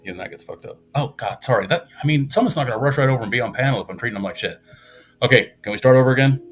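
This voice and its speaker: A man's voice: medium pitch, rapid-fire, soft background music. A man chatting casually on a live stream in a rambling, sarcastic and self-mocking way.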